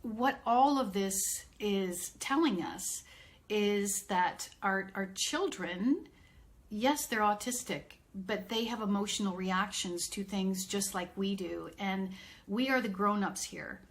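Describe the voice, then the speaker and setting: Middle-aged woman, parent coach on a live stream, unhurried and earnest. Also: mid-range voice. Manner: earnest, reassuring, thinks aloud with fillers.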